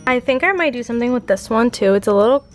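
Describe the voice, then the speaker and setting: A woman's voice: on the high side, lively intonation, quick pace, faint music behind. A young woman vlogging casually, gushing over products with lots of "like" and "oh my god". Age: young adult. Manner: gushing, girly, full of "like" and "oh my god". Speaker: YouTuber. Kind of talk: casual product review vlog.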